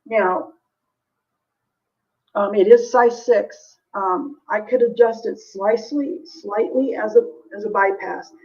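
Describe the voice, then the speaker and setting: A woman's voice: mid-range voice, takes it slowly, darkish tone, recorded from a distance, dull audio. A woman hosting a live jewelry sale, chatting casually with viewers, full of ums and little laughs, from the United States. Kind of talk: casual live-stream selling chat.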